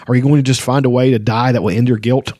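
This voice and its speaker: A man's voice: mid-range voice, steady tone, quick pace, warm tone, no room sound, studio quality, close to an everyday voice. A man reading the lines of a big, loyal, blunt male warrior aloud from a novel. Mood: firm. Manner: read aloud evenly from a novel.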